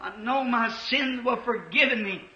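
At a measured pace, a man gives a sermon in a piercing, very high and bright voice, alternating quiet storytelling with fervent yelling. The recording is old, dull and lo-fi, with a spacious church reverb.

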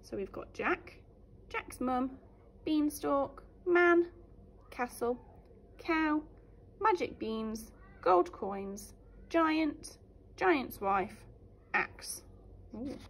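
Teacher lady reading a fairy tale to little kids, high n sing-songy. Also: extremely slow, long pauses. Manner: animated, sing-song storytelling. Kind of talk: storybook reading for young children.

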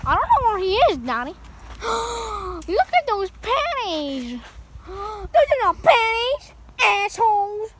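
A woman's voice: very high voice, sing-song, takes it slowly, heavy background noise, full character voice. A woman voicing a whiny, crude, demanding little boy in an amateur puppet video. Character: bratty foul-mouthed little boy.

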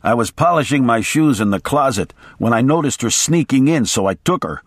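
A man's voice: mid-range voice, animated, fairly quick, no echo, clean studio sound. Aggressive, paranoid lawyer, read by a man, blustering and accusing.

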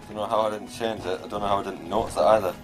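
A man giving casual let's play commentary, swearing and yelling at the game. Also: on the low side, steady tone, very fast. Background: faint game music.

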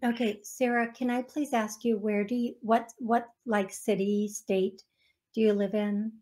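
A woman psychic medium giving a call-in reading on a radio show, speaking gently and calling the caller love. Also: a little high, steady tone, measured pace. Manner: soft-spoken, affectionate, calls caller love. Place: radio studio.

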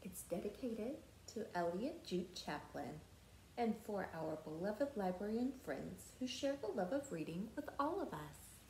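Slow gentle teacher reading a storybook. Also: female voice, medium pitch, sing-song, a little hiss or hum. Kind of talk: storybook read-aloud for children. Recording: roomy echo.

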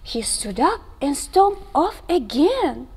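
Animated woman reading children's storytime. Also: high voice, takes it slowly. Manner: animated, gasping, hushed asides. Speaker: children's librarian.

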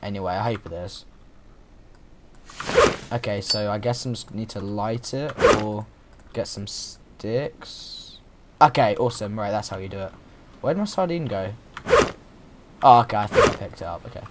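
A man's voice: on the low side, normal speed, long pauses, very noisy. A young man chatting casually and playfully as he plays a survival game, rambling and restarting his sentences. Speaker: gaming YouTuber. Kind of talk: casual let's-play commentary.

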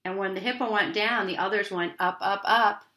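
A woman reading a picture book aloud to children in a gentle, teacherly way. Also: medium pitch, fairly even intonation, normal speed. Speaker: children's story reader.

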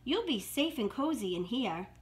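A woman's voice: on the high side, big pitch swings, normal speed. A woman voicing a kind, cheerful little male hedgehog in a children's storybook reading. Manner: bright, eager storybook voice.

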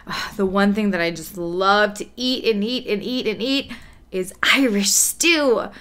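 A woman teaching an online music lesson to kindergarten children, encouraging them with praise and spelling out words slowly. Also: medium pitch, fairly bright tone, clear, resonant tone.

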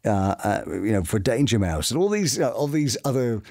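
Animated man telling stories. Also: mid-range voice, moderate pace. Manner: animated storyteller who slips into character voices. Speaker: voice actor guest. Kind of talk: casual chat.

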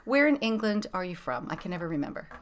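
A woman's voice: fairly low pitch, sing-song, fast talker. A woman hosting a podcast, chatting casually with plenty of fillers and restarts. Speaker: podcast host. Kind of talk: casual chat.

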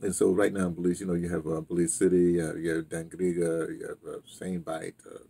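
A man's voice: low-pitched, flat delivery, brisk, vocal fry, dark tone, slightly rough. A man casually telling a rambling story, drifting off on side tracks. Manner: loose, digressive, heavy on fillers and restarts.

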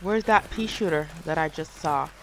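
A woman streaming a video game, chatting and reacting excitably as she plays. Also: low-pitched, moderate pace, noisy background. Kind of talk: live gameplay commentary. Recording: game music behind.

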